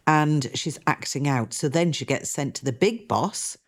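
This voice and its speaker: A woman's voice: sits low, animated, measured pace. A woman presenting on a radio show, chatting enthusiastically about a TV series she has been watching. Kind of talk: casual chat on a radio show.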